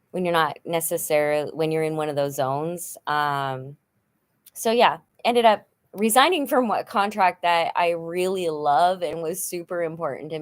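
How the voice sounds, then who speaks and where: A middle-aged woman talking frankly in a personal vlog, rambling with many fillers and sounding frustrated and worn down. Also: deep voice. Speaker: vlogger.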